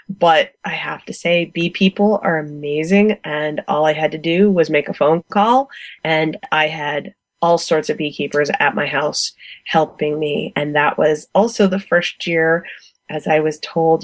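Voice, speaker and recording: Energetic woman telling stories, lowish voice. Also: no echo. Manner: energetic, animated storyteller. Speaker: guest beekeeper. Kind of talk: casual interview storytelling.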